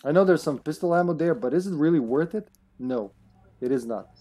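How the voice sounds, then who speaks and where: Excitable swearing gamer man. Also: on the high side, fairly quick. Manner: excitable, swears, jokes around. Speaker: streamer. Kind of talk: live gameplay chat.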